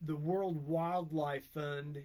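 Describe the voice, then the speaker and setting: Playful higher-voiced man on a podcast. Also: fairly even intonation, slow, darkish tone. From St. Louis area. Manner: playful, jokey, chimes in often. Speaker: podcast co-host. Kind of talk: casual chat.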